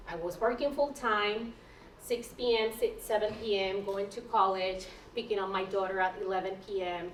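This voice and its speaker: Brief: woman, personal storytelling talk, lively with restarts, mid pitch, roomy sound, mic far off. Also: a little hiss or hum. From Puerto Rico. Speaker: guest speaker, nurse.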